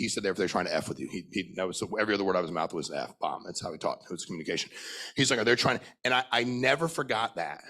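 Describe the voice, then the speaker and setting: A middle-aged man giving a blunt, profane, high-energy sales talk to a live conference audience, questioning people in the crowd. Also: lively intonation, quick pace, vocal fry, pushed and bright, slightly rough. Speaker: sales trainer speaking at a conference.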